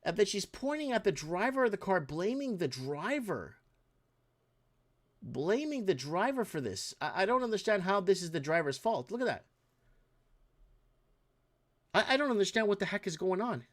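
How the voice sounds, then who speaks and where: Man, podcast host, slightly high voice, exasperated, rambling commentary. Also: very animated, moderate pace, pauses often. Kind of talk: casual news commentary.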